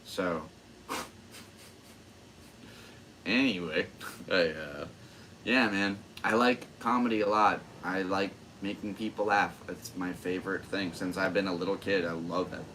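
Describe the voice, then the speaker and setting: A man's voice: low voice, steady tone, unhurried, pauses often, bright, forceful tone, slight background noise. Rambling, self-amused young man. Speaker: podcast host, stand-up comedian. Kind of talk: casual solo chat.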